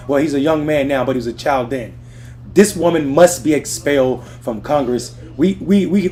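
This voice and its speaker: A man's voice: medium pitch, darkish tone. Fired-up man ranting live. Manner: profane, fired-up, talks to the chat. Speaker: political livestream host. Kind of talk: heated live political rant. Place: lounge in Washington with TVs on. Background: music and TVs in the background.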